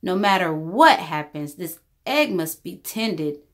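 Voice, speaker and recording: A woman voicing a big, gentle, faithful male elephant in a storybook read-aloud, speaking earnestly and patiently. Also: on the low side, lively intonation, slow pace. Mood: steadfast.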